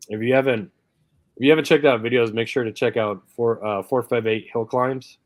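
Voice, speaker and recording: A man's voice: mid-range voice, fairly even intonation, moderate pace, dry recording. A man hosting a casual live chat stream, laughing often and reading out viewer comments. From Canada. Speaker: livestream host.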